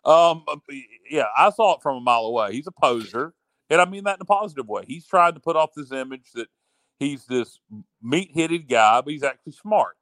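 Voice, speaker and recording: A man's voice: fairly high pitch, lively intonation, fairly quick, fairly bright tone, dry recording. Man, sports talk host, boastful, rambling, repeats himself, dry mic. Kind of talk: casual sports chat.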